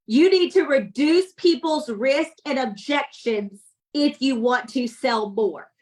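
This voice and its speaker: A woman's voice: high voice, rough recording. A woman coaching her sales team with energy, repeating points and checking that everyone follows. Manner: energetic, repeats points, asks "does that make sense?". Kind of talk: teaching sales tips to a team.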